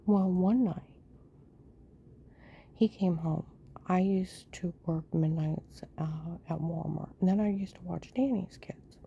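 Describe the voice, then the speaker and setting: Woman, lowish and very dark-toned, rambling personal monologue with frequent whispered asides. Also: steady tone, slow pace, creaky, slightly rough, highs cut off. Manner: rambling, often slips into a hushed whisper. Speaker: storyteller recounting her own life.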